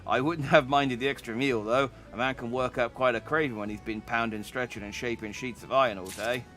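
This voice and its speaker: A man voicing a gruff, burly male blacksmith sailor who talks in a rough, drawling brogue-like way. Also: mid-range voice, steady tone, brisk, fairly bright tone, faint music behind, natural voice.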